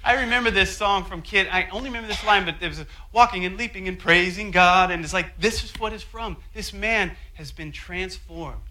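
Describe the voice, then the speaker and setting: A man preaching a sermon, telling a story with animated asides and acting out quotes. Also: high voice, a little fast, few pauses, poor audio. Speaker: pastor.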